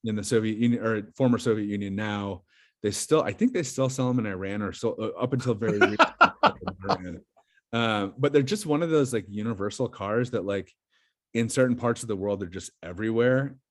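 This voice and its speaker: A man talking casually as a podcast guest, his voice sitting a little low. He rambles through a long story with frequent fillers and restarts, speaking in loose chat. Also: brisk.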